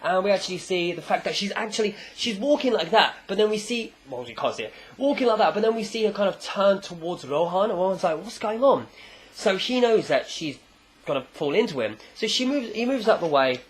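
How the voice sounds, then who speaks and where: A man casually recapping a manga chapter, animated and acting out the characters. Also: high voice, fairly quick. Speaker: manga reviewer.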